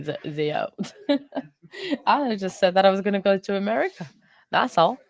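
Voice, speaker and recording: A woman hosting a live stream, chatting with viewers in an earnest, emotional way, halting with many fillers and restarts. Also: on the low side, gravelly. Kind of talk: casual chat with live viewers about a court case.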